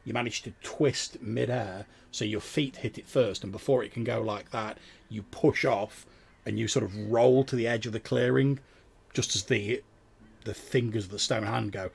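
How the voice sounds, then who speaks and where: A male game master narrates a tabletop game in a low, gravelly voice with a husky, slightly rough edge. He describes the scene loosely, with frequent fillers and restarts. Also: normal speed.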